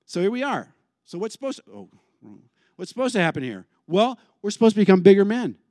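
A man preaching a sermon in a lively, conversational way, putting questions to the congregation. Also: sits high, brisk, no echo, clean studio sound. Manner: animated, conversational, asks the crowd questions. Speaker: pastor.

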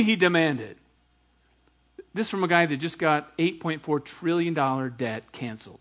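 An adult male pastor preaches a sermon in an animated way, retelling scripture with dramatic emphasis and quiet asides. His voice is somewhat high and his pace normal.

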